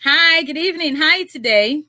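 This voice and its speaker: Young woman, Nigerian accent, radio call-in host, high voice, laughing and teasing, slow phone-number reading. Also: lively intonation, sharp tone. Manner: bubbly, laughs often, teasing callers; repeats phone numbers slowly and clearly. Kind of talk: live radio call-in game.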